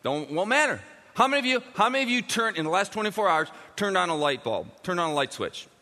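Animated high-voiced preacher in a hall. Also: male voice, fast. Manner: animated, emphatic preaching with sudden drops to quiet. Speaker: pastor. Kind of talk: sermon. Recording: long reverb of a large hall.

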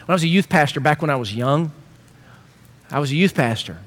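A middle-aged male pastor preaching with a high, bright-edged voice that swoops up and down as he tells stories on himself. His delivery is lively and self-mocking, and it keeps rolling between playful asides and earnest points. An audience laughs faintly in the distance. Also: fairly quick, pauses often. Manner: animated storytelling with self-mocking humor. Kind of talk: sermon.

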